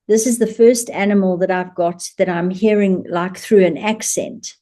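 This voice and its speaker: A woman speaking to camera in a mellow, warm voice at a middle pitch. She is an animal communicator, and she tells her story in a chatty, amused way, often breaking into laughter. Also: fairly even intonation, moderate pace.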